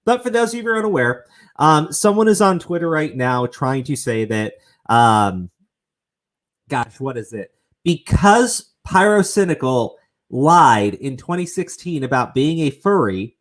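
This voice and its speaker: A man's voice: on the high side, a bit bright. A man hosting a casual commentary stream, swearing often and rambling through his points. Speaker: show host.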